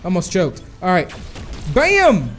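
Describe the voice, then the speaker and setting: A young man giving live commentary on a shooter game, excitable and chatty with viewers, bursting into whoas and cheers. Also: high-pitched, moderate pace, a little hiss or hum. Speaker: gaming YouTuber.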